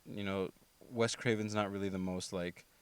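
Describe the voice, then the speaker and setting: A man's voice: normal speed, smooth, dry recording. A man hosting a podcast, rambling casually through a movie review with many fillers and self-corrections. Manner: mimics characters with animated pitch jumps. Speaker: podcast host.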